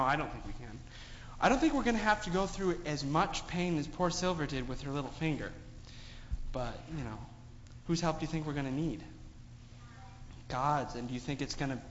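High, lively man telling a children's story. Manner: asks children many questions, animated storytelling. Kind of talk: children's sermon. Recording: echoey hall, dull sound, faint noise.

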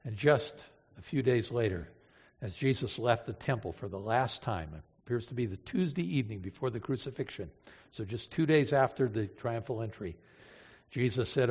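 A man preaching a sermon, emotive, moving between hushed and impassioned delivery. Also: mid-range voice, animated, moderate pace, breathy edge. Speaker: pastor. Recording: reverberant hall, dull lo-fi sound.

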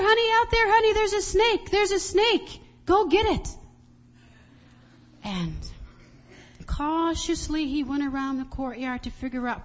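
A woman missionary giving a children's sermon, telling an animated story and asking the children questions along the way. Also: a little high, slight background noise. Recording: long reverb, dull lo-fi sound.

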